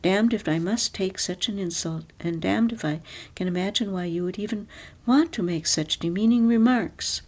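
A woman's voice: mid-range voice, moderate pace, darkish tone, close to an everyday voice. A woman reading as an earnest, pleading husband. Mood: indignant. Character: earnest, eager-to-please middle-aged husband.

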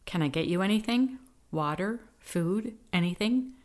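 A woman's voice: mid-range voice, animated, a little slow, a little mellow, close to an everyday voice. A woman voicing a determined woman rescuer in an audiobook, speaking firmly and reassuringly. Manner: firm, reassuring.

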